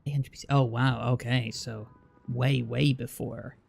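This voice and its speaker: On a livestream, a Bristol man with a rhotic West Country accent chats with a guest, casual and curious, rambling with restarts and fillers. His medium-pitched voice is flat, a little slow, creaky and darkish, with faint music in the background.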